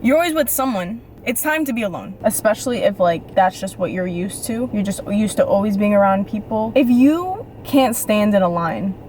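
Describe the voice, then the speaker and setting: Young adult woman, faith vlogger, casual and lively, middle pitch, light background noise. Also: moderate pace, few pauses. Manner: chatty and animated, repeats phrases for emphasis. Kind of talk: casual talk to camera.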